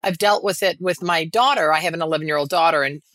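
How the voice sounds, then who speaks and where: Bright-voiced woman chatting on a podcast, animated, keeps restarting, acts out quotes, dry sound. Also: deep voice, fast, no echo. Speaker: actress guest. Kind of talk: casual podcast chat.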